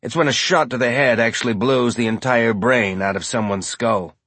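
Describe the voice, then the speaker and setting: A man giving measured, scripted audiobook narration. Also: mid-range voice, a bit bright, breathy edge, no echo.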